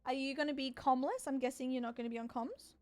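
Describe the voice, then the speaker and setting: A woman's voice: sits high, steady tone, fast, darkish tone. A woman chatting casually and playfully with her viewers while gaming, tired and swearing now and then. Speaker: streamer. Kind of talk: casual gaming stream chat.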